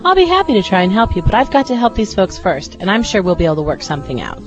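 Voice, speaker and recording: A man puts on a high, sweet-voiced airline gate agent, polite to the point of sly. Her pitch swings up and down as she rattles the words out quickly. The recording is dull, with music behind it. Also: big pitch swings. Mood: sweetly polite.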